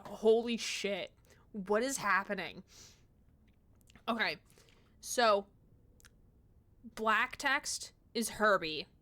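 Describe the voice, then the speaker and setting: A woman streaming a puzzle game, chatting casually, gushing excitedly and swearing now and then. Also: mid-range voice. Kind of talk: live-streamed gameplay chat.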